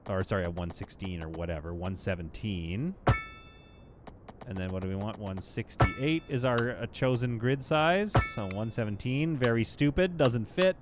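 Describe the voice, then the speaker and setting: A man's voice: fairly low pitch, normal speed, heavy background noise. A man streaming live gameplay, chatting casually to his viewers and to the game as he builds. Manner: chatty, talks to the game and to chat, playful asides.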